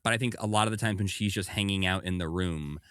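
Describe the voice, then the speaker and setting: A man with a very low, deep voice talks through a podcast in loose, enthusiastic chat, wandering into asides and restarting his thoughts. The sound is close and dry, with no room around it. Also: quick pace, a bit bright, smooth, no echo. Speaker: podcast co-host. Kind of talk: casual chat.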